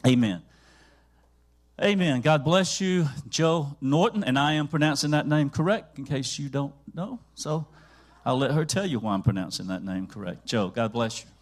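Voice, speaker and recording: A man's voice: a little high, normal speed. A man with a Southern US accent, a pastor leading announcements and prayer in a church service, folksy and joking. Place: church sanctuary.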